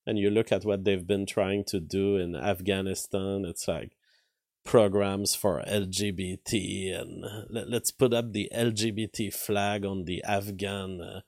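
A man's voice: fairly low pitch, a little mellow, no room sound, clean studio sound. A man with a French accent, a native French speaker, commenting on the news live and answering chat, thinking aloud with many fillers and restarts. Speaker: streamer covering news.

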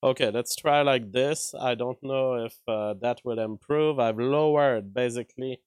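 Male streamer, dry close sound, analytical, thinks out loud, breaks down a clip. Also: medium pitch, measured pace, clean tone, dry recording, poor audio. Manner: analytical, thinks aloud with fillers and restarts. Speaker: live-stream commentator. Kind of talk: live-stream commentary on an interview clip. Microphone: own mic with a compressor.

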